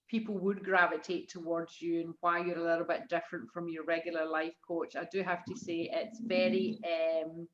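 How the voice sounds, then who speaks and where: A woman hosting a casual interview, asking questions enthusiastically and pausing on fillers. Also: fairly low pitch, a bit bright, highs cut off. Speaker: host.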